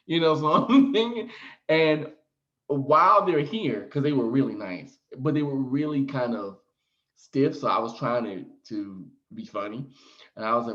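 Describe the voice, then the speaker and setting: A man's voice: mid-range voice, lively intonation, normal speed, a bit bright, lo-fi sound. A man telling a frank personal story to his viewers in a casual, theatrical way, acting out his own reactions. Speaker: storyteller vlogger.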